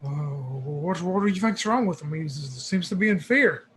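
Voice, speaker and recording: A man's voice: high-pitched, expressive, moderate pace, a bit bright, slight background noise. A man voicing a brash male fighter in a tabletop game, in his own everyday voice. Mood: puzzled.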